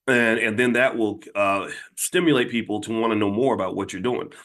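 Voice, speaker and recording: A man's voice: lowish voice, brisk, a bit bright. A middle-aged man hosting his channel, talking straight to viewers in an earnest, conversational way, often repeating and restarting phrases. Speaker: channel host and finance educator. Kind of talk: casual monologue to viewers.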